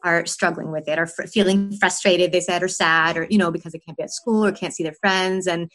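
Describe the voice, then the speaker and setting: A woman with a slightly low voice, talking as a podcast guest. She speaks thoughtfully and reflectively, with casual pauses. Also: fairly even intonation, a bit bright, poor audio. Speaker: guest, parent. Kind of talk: casual chat.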